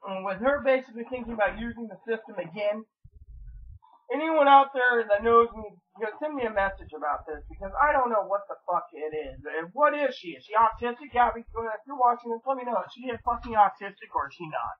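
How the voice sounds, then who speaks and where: Husky high-voiced man venting, lo-fi. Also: animated, fairly quick. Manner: rambling, profane, repeats "I mean, literally". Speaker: vlogger. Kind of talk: angry personal venting.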